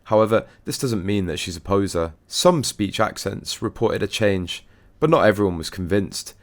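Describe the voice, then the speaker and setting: Deep-voiced man reading the news. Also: moderate pace. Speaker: news narrator. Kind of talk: scripted news narration.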